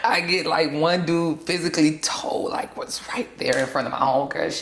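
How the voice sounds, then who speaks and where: Sassy, gravelly-voiced woman, roomy echo. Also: deep voice, big pitch swings, unhurried, a little hiss or hum. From South Florida. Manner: blunt, sassy, laughs often. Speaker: interview guest. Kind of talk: candid sit-down interview.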